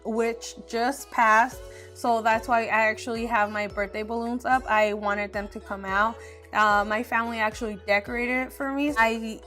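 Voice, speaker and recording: A woman's voice: on the high side, fairly bright tone. A young woman from Arizona chatting casually in a get-to-know-me Q&A, candid and chatty with frequent fillers. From Arizona, USA. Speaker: beauty vlogger.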